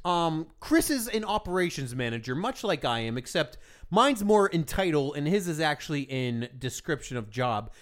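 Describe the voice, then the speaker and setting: Podcast co-host: American man, slightly high, very animated pitch, rambling and deadpan. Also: normal speed. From United States. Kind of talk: casual banter.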